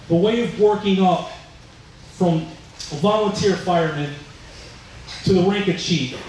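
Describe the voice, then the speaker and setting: A firefighter with a fairly high voice tells firehouse stories at a dedication, acting out the other people's voices as he goes. The sound comes from far off in a very echoey hall, with faint noise underneath. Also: darkish tone. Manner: storytelling, acting out voices in quotes. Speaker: firefighter giving a dedication speech. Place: large indoor room at a fire training center.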